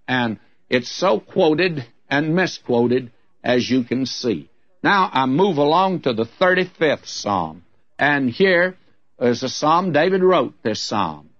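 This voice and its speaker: A man's voice: a little high, dry recording, dull audio. A man preaching an expository sermon as a radio Bible teacher, earnest and folksy, with candid humorous asides.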